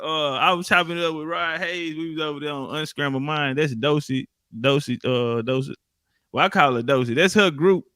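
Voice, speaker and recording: A man chatting casually in slang, relaxed and quick to laugh. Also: a little high, clear, resonant tone, no room sound, studio quality. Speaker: guest. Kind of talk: casual conversation.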